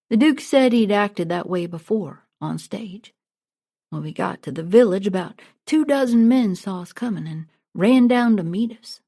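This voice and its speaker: A woman narrating a story in a plain, steady storytelling manner. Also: mid-range voice, a little slow. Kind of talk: audiobook narration.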